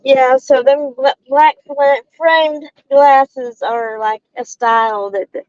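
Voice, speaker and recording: This is a woman with a somewhat high voice who talks slowly to her live stream audience while she drives. She rambles, stops herself mid-sentence, and sounds a little short of breath. Her headset audio comes through dull and low-fidelity. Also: fairly even intonation, a little mellow, no echo. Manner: chatty, rambling, self-interrupting with laughs. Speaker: channel host. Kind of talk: casual live-stream chat with viewers. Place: in a car while driving. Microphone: headphones with mic.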